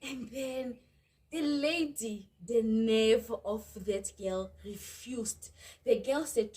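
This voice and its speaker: A woman's voice: fairly high pitch, takes it slowly. Exasperated South African woman vlogger. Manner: animated, exasperated retelling, addresses viewers as "you guys". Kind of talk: storytime vlog.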